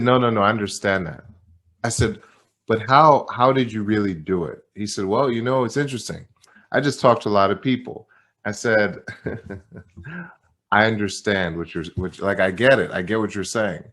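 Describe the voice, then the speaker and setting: A man giving a motivational talk at a company training event, telling a story and acting out both sides of a conversation with repeated phrases. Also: on the low side. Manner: animated storyteller, repeats phrases, acts out dialogue. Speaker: company executive speaker.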